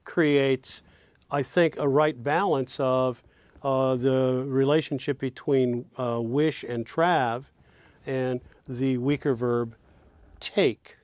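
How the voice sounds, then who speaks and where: A man's voice: mid-range voice, steady tone, a little mellow, no room sound. A man teaching songwriting, explaining lyric stress and counting out beats as he goes. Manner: slow, explanatory, counts beats and speaks example lines aloud. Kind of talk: lesson on lyric stress and rhythm.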